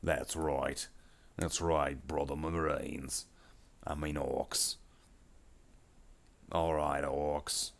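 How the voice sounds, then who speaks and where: A huge, bossy male orc warlord with an extremely deep rumble, bragging about his name, his colors and his truck, as a streamer puts him on. He rambles on and stretches out his big declarations. It is casual live stream banter held in character. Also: level tone, gravelly, exaggerated voice. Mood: commanding. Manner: rambling, boastful, with slow drawn-out declarations. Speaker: live streamer painting miniatures.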